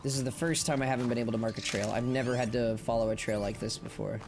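A man streaming a video game live, playful and goofy, chanting silly lines and shouting at the game. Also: medium pitch, fairly even intonation, fast talker, vocal fry. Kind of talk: live-stream gameplay commentary. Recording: game music playing behind.

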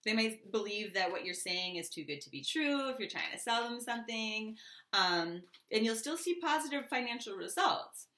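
Chatty woman with a bright voice. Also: on the high side, expressive, normal speed. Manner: chatty, loose, many fillers and asides. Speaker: tarot reader. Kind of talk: casual tarot reading to camera. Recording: echoey room.

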